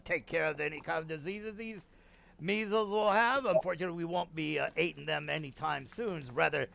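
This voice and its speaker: A man's voice: fairly high pitch, a little fast, vocal fry, fairly bright tone, voice pushed up. A man voicing a crude, sadistic male Templar guard who blusters and swears. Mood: contemptuous.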